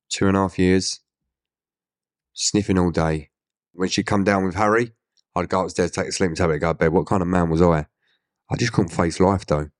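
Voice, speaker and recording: Man, Essex accent, thirties, low pitch, dry sound, candid interview storytelling, acts out dialogue. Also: no echo. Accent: Essex English. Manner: blunt, swears, acts out quoted dialogue. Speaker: interview guest.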